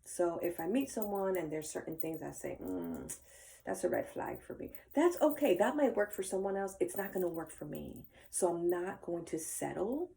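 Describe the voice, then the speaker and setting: An older woman talking earnestly and emotionally to her viewers in a personal reflective monologue, with many fillers and soft trailing asides. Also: fairly low pitch, expressive, moderate pace, vocal fry, few pauses. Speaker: vlogger.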